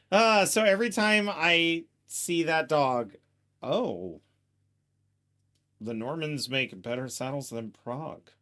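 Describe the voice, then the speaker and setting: A man gives casual gameplay commentary, joking and chatting to himself as he plays. He talks at an unhurried pace. His pitch moves around a lot as he reacts. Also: lively intonation, sharp tone. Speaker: gameplay streamer.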